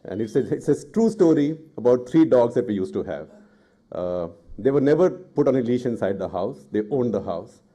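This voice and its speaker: A middle-aged journalist from India addresses a panel in a deep, very dark and mellow voice. He talks at a middle pitch and drives his points home with forceful indignation. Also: animated, moderate pace. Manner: forceful and indignant, rising in anger. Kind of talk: impassioned public talk.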